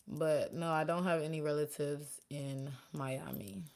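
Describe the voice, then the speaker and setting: Low-voiced chatty young woman vlogger. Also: measured pace, creaky, noisy background. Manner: chatty, animated, talks to viewers and chat. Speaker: beauty vlogger and makeup artist. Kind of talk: casual chat while doing makeup.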